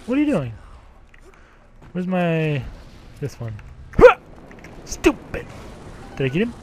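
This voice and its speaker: A man giving gameplay commentary, profane, grumbling and yelling at the game. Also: on the high side, big pitch swings, normal speed, slight background noise. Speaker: let's play gamer.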